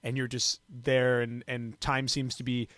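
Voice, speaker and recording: A man's voice: mid-range voice, monotone, a little slow, a bit bright, dry recording. A young man on a talk show panel, speaking earnestly and thoughtfully. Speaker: teen panelist. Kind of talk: casual panel chat.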